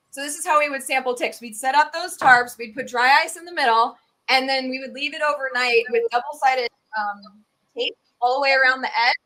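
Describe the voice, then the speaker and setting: High-voiced chatty Southern woman. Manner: chatty, animated, quick asides and laughs. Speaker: guest tick researcher. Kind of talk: casual chat, video podcast.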